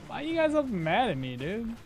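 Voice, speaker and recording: A man talking to his stream chat while he plays, exasperated and often laughing. His voice sits high and swings widely in pitch. Faint game music plays quietly behind him. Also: huge pitch swings, a little fast. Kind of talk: casual live-stream commentary.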